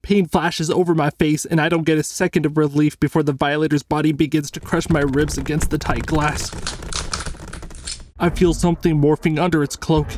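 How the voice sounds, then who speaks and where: A man reading a first-person horror story as scripted narration, measured and tense. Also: on the high side, darkish tone, a little hiss or hum.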